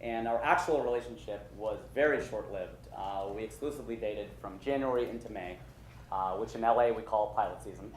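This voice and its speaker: A man telling a funny personal story live, self-mocking and lively, with lots of ums and uhs. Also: lowish voice, fairly quick. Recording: echoey stage room with loud noise.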